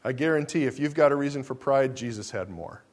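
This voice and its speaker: With a medium-pitched voice, this pastor delivers a sermon full of rhetorical questions for the congregation, moving back and forth between quiet, slow passages and loud ones.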